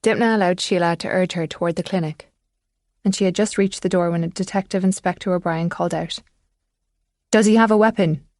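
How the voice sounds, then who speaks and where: A woman narrating a thriller audiobook in measured, scripted storytelling. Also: fairly low pitch, steady tone, darkish tone, no room sound, clean studio sound.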